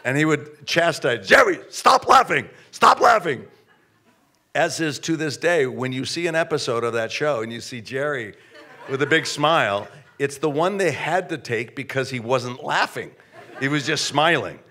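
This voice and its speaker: A man's voice: medium pitch, normal speed, sharp tone. A man, a guest, telling an anecdote with stammering restarts and acted-out quotes. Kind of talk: anecdote storytelling.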